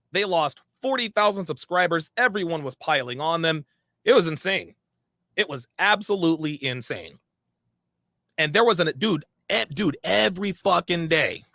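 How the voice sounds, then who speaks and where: Male podcast host, bright, forceful voice, heated monologue recorded dry and close. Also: a little high, dry recording. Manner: animated, profane, acts out quoted conversations.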